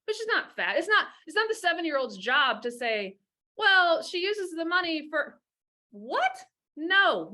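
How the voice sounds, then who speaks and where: A woman's voice: high-pitched, bright, forceful tone. A middle-aged woman giving blunt, profane advice on divorce and parenting, talking fiercely and emphatically. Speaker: divorce coach.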